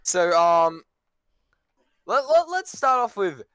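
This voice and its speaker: A man's voice: high voice, very animated, slow, fairly bright tone. A young man hosting a chaotic casual podcast, stammering and laughing as he tries to steer the talk over a home computer mic. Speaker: podcast host.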